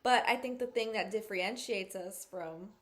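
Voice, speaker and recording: A woman's voice: medium pitch, moderate pace, a bit bright. A woman hosting a podcast in a casual chat, rambling and searching for words, with lots of "like" and "you know". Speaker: podcast host.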